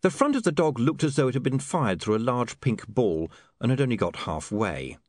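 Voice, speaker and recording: A man's voice: medium pitch, big pitch swings, normal speed, a little mellow, no echo. A man narrating an audiobook in a dry, wry manner. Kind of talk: scripted narration.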